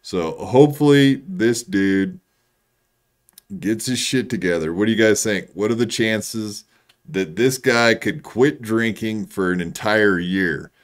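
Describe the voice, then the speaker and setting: A man co-hosting a casual live-stream chat, ranting quickly and swearing freely. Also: lowish voice. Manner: fast-talking, profane, ranting. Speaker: co-host.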